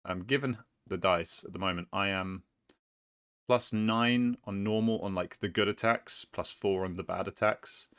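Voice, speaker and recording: A man's voice: low-pitched, fairly bright tone. A man casually commentating his own board game match, rambling and hesitant, often laughing at himself.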